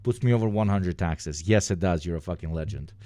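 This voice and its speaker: A man live-streaming a video reaction, chatting casually, joking and swearing, jumping from loud outbursts to low mutters. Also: fairly quick, no room sound. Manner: loud, swearing, jokey, swings between shouting and muttering.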